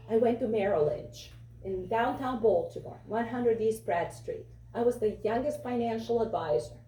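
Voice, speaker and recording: A woman's voice: a little high, mellow. A woman from Europe with a foreign accent, giving an impassioned, repetitive campaign speech at a fundraiser. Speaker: political candidate. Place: fundraiser venue. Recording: echoey room from far off.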